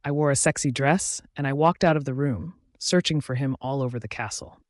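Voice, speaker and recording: A man reading a first-person fantasy romance as an audiobook, in a steady, expressive voice. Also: mid-range voice, a little fast, no room sound, studio quality. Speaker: audiobook narrator.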